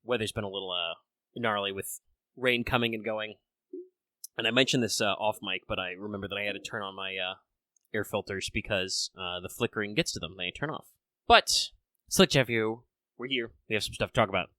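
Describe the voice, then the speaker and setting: Bright-voiced rambling man host. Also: on the low side, steady tone, a little fast, no room sound. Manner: rambling, lots of fillers. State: a bit under the weather. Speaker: podcast host. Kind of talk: casual chat.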